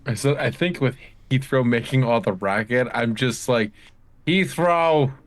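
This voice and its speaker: A man playing a tabletop game, chatting casually and checking the rules. His voice sits at an ordinary mid pitch. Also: fairly even intonation, moderate pace. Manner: casual, asking rules questions. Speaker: player.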